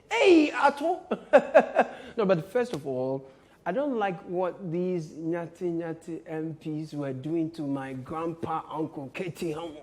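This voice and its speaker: High-voiced, slow, joking man. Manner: playful, laughs often, mock shouting. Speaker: satire show host. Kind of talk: comic satirical commentary.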